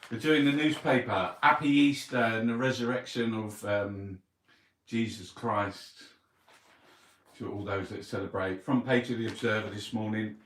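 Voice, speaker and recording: A man's voice: lowish voice, fairly even intonation, unhurried, fairly bright tone. A man hosting a casual newspaper review, blunt, mocking and full of swearing. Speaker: online show host. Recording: roomy, from a distance.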